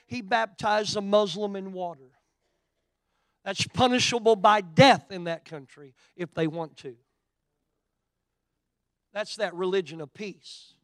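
A middle-aged man from Oklahoma with an Oklahoma accent, preaching a sermon and telling a story, shifting from quiet asides to loud, emphatic preaching. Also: high voice, no echo. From Oklahoma, USA.

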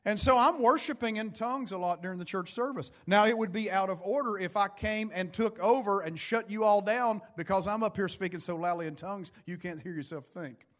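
High-voiced preaching man. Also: fairly quick, few pauses, a bit bright. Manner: preaching with rising emphasis and call-outs. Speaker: pastor. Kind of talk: Pentecostal sermon. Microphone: microphone.

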